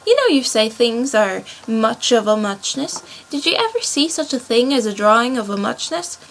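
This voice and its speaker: A woman voicing a sleepy, touchy little male dormouse with a hoarse, feeble voice. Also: a little high, sing-song, normal speed, fairly bright tone, slight background noise, rough recording. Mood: storytelling. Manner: drowsy, prone to indignant outbursts.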